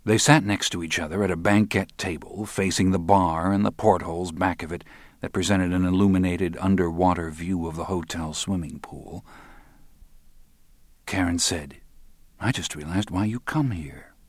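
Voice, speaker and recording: Deep-voiced, steady male audiobook narrator. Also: normal speed, no room sound. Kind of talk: scripted narration.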